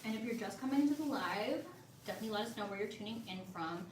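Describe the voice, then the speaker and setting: A woman hosting a live shopping stream, chatting upbeat and casual with viewers as she pitches hair-care bundles. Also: expressive, fast talker, a little mellow, recorded from a distance, slight background noise. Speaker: livestream seller. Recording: echoey room, voice a bit off-mic, faint ambience.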